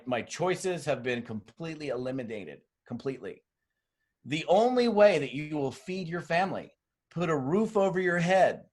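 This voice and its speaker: A middle-aged man giving blunt, tough business training on a webinar, telling stories with acted-out dialogue. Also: medium pitch. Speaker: network marketing trainer. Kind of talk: motivational webinar talk. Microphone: webinar mic.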